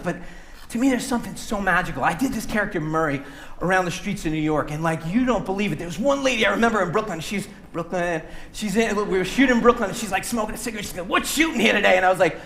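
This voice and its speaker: A man, a puppeteer, giving an animated, playful talk to a young audience on an auditorium stage. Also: high-pitched. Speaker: puppeteer and speaker.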